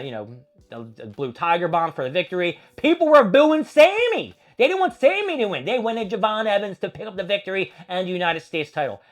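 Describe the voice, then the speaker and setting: A man's voice: a little high, a bit bright. A man hosting a casual wrestling recap, rambling and opinionated with plenty of swearing. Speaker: host.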